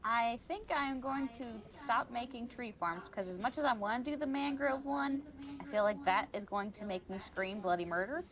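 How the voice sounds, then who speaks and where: A woman's voice: on the high side, moderate pace, a bit bright. A woman chatting casually and relaxedly while playing a game on stream. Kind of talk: casual chat while gaming. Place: home, streaming.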